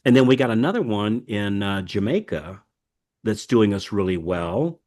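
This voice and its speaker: Male podcast host, lowish voice, folksy and rambling, lots of fillers. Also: animated, moderate pace, a little mellow. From United States. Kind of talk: casual podcast chat.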